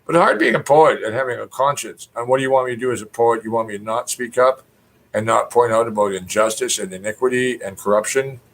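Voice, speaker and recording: A man's voice: mid-range voice, fast talker, low-quality recording. A middle-aged Canadian man ranting in a rambling spoken monologue, cursing freely and mimicking other people in raised voices. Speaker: poet.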